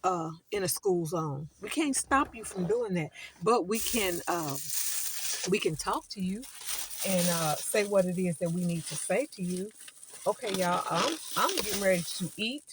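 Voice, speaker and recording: A woman's voice: lowish voice, lively intonation, unhurried, noisy background. A woman talking casually to her viewers, emphatic and repeating words as she lectures, then chats. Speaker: vlogger. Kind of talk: casual vlog talk to viewers.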